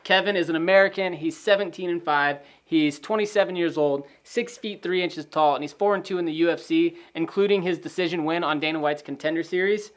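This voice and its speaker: A man's voice: a little high, a little fast, hardly any pauses. Man co-hosting a fight-prediction podcast. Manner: reads fight stats in a steady list. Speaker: podcast co-host. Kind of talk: casual sports prediction chat.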